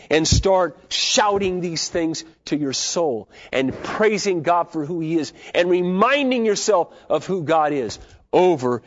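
A man preaching a sermon as pastor, swinging between loud, fervent declarations and soft, hushed asides. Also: a little high, no room sound. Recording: dull, lo-fi sermon recording.

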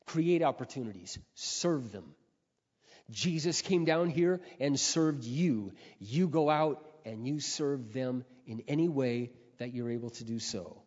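Preacher, male, earnest storytelling sermon that builds to loud exhortation, long reverb, muffled lo-fi sound. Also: mid-range voice. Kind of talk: testimony sermon.

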